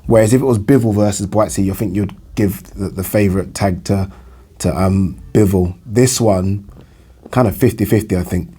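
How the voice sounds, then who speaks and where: Husky English guy chatting boxing. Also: lowish voice, normal speed, dark tone. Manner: chatty, rambling, repeats phrases, lots of fillers. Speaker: boxing vlogger. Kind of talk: casual solo boxing commentary.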